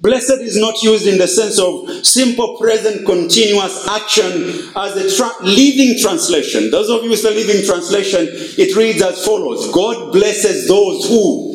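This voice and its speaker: A male pastor preaching a sermon, stressing key words with slow, drawn-out emphasis. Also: high voice, echoey room, rough recording.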